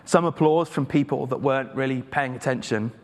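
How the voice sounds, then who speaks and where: Casting: man from England, mid-pitched preacher, relaxed, self-deprecating sermon delivery, long church reverb. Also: a little fast. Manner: conversational, self-deprecating with hesitant fillers.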